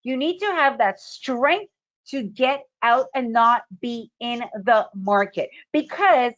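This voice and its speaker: A woman's voice: on the high side, lively intonation, takes it slowly, fairly bright tone, highs cut off. A woman trading educator giving a webinar lesson, emphatic and full of rhetorical questions. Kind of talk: webinar presentation.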